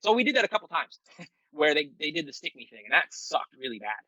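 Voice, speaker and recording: A middle-aged Marine veteran telling a story as a podcast guest in a loose, profane, rambling way with many fillers. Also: male voice, fairly high pitch, big pitch swings, fast, pushed and bright, dry recording, rough recording. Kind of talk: casual storytelling.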